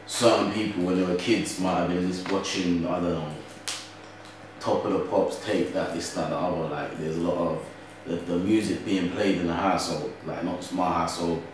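A young London man chats animatedly as an interview guest, checking in with "you get what I'm saying?" between points. His lowish voice comes from some distance from the mic. The room gives it a strong echo. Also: fairly even intonation, moderate pace, slight background noise. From Britain. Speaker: grime MC guest. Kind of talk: casual interview chat.

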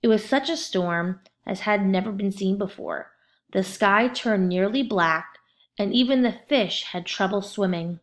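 A woman narrating a children's storybook aloud in a steady, expressive way. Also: medium pitch, unhurried.

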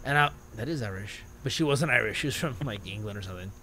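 A man's voice: fairly low pitch, rapid-fire, a little hiss or hum. A man on a podcast, telling a story in casual chat and laughing at himself as he goes. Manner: animated storyteller, laughs at his own stories. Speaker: podcast co-host.

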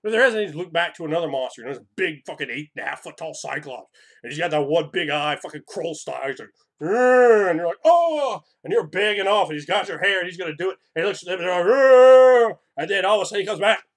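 A man hosting a tabletop role-playing channel, talking in a profane, animated monologue that swings from loud bursts to hushed whispers. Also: on the high side, rapid-fire. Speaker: tabletop RPG channel host. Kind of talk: excited casual monologue.

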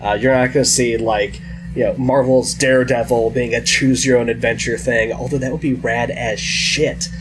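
A man talking through gaming news on a podcast in a loose, rambling way, filling pauses with ums and uhs. His pitch is average, and clear background noise sits under his voice. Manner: relaxed, rambling with many fillers. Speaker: podcast co-host. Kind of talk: casual chat.

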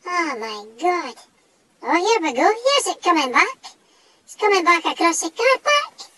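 A man voicing a small, cocky, foul-mouthed male dog with a northeast Scottish accent, speaking in a high squeaky voice. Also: big pitch swings, unhurried, pushed and bright, exaggerated voice, poor audio. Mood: spooked. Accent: Scottish (northeast, Doric). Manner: sweary, blustering tough talk.

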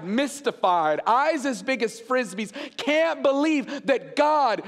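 A man in his forties preaching a sermon as a pastor, an animated storyteller who jokes with the congregation. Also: high voice, long reverb tail.

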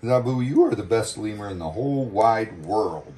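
A man's voice: on the low side, lively intonation, moderate pace, warm tone, slight background noise. Guy feeding animals outside, chatty, coos at them, very up-and-down voice. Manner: chatty, coaxing and cooing at animals. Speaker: animal keeper vlogger. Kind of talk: casual vlog chat.

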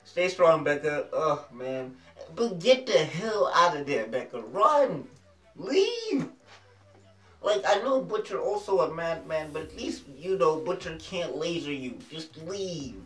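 A man casually reviewing a TV episode in a vlog, excitable and slangy, often repeating phrases. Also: fairly high pitch, moderate pace. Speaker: TV show reviewer. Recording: roomy echo, distant mic, faint music.

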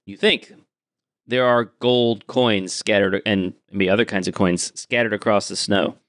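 A man with a fairly low voice running a tabletop game, describing scenes in calm detail. The sound is dry and close to the mic, with no room in it. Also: measured pace, no room sound. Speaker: game master.

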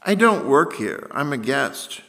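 A man voicing a blunt, solemn middle-aged German doctor who speaks English haltingly, with slips and broken grammar. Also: mid-range voice, big pitch swings, vocal fry, a bit bright, full character voice.

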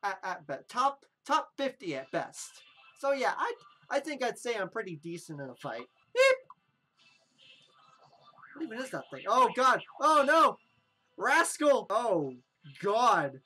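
A woman's voice: fairly high pitch, unhurried, pauses often, husky. A young woman giving joking, dramatic let's-play commentary on a video game. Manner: excitable, joking, dramatic reactions.

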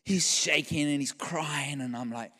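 At a moderate pace and with a fairly bright, medium-pitched voice, a man preaches a story-driven sermon as a guest at a church event, voicing the characters' dialogue himself. Long reverb from the large church hall fills the recording.

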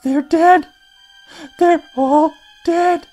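A man voicing a terrified young woman who cries out in shrill, frantic panic. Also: steady tone, very slow, mellow, faint music behind, full character voice.

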